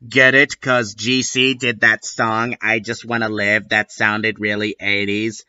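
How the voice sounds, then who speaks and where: A man's voice: on the low side, little pitch movement, measured pace, hardly any pauses, bright, forceful tone, clean tone, dry recording, dull audio. A man doing a comic dramatic reading with dry, sarcastic asides. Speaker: reader.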